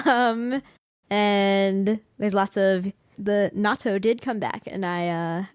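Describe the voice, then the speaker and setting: A woman's voice: medium pitch, fairly even intonation, slow, smooth, dry recording, studio quality. A woman hosting a podcast, chatting casually, often laughing and acting out lines she quotes. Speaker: podcast host.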